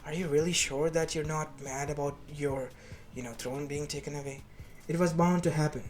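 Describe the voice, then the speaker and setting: A man's voice: a little high, fairly even intonation, moderate pace, natural voice. A man voicing Zeus, a remorseful god-king. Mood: earnest. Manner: earnest, apologetic. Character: remorseful male king of the gods. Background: faint lofi music.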